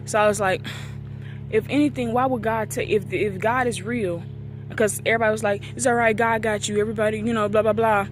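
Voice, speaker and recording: A woman's voice: medium pitch, fairly even intonation, fairly quick, music in the background. Woman in her twenties telling a personal story. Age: 20s. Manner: emotional, acts out quoted dialogue. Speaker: vlogger. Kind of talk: casual storytelling.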